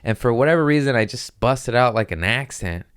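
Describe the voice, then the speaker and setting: A man's voice: mid-range voice, brisk, clean tone, no room sound, studio quality. A man hosting a podcast, telling rambling stories in a casual chat and acting out what people said. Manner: rambling, animated storytelling with voiced quotes. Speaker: podcast host.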